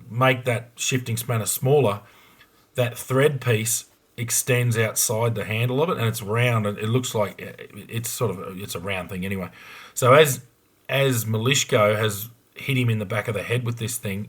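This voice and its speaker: A man's voice: lowish voice, slightly rough. An Australian man, a former police investigator, telling a case story on a podcast in a blunt, frank way with a lot of ums and restarts.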